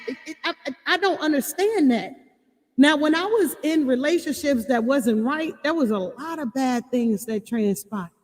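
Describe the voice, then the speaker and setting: A woman's voice: high-pitched, big-room sound. A woman hosting a casual talk to her online audience, speaking emphatically, laughing often and asking listeners directly whether they follow her. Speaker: host.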